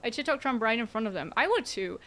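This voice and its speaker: A woman's voice: on the high side, expressive, fast, sharp tone. A young woman streaming a game, chatting casually with her viewers in a sarcastic, giggly way. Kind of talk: casual gameplay livestream chat.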